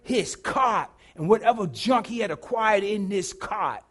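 High, lively, husky-voiced male preacher. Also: unhurried, hardly any pauses. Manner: dramatic storytelling, swings from hushed to shouting. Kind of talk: sermon.

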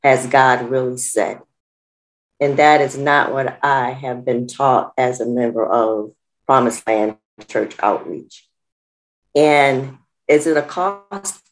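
A church member speaks up to the pastor during an online service, sharing a personal testimony. The delivery is slow and earnest, with an even, middle pitch and some hesitant fillers. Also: rough recording. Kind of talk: testimony on a video call.

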